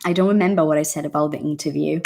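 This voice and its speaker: Lively woman teaching English live. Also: low voice, racing, creaky. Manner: lively, acts out little dialogues, chatty with viewers. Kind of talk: casual live-stream teaching, reading viewer comments.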